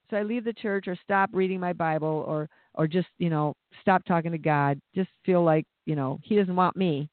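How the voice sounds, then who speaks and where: A man's voice: sits high, fairly quick, few pauses, no room sound. A man preaching an impassioned sermon, often repeating words as he builds up. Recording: dry, phone-like narrow sound.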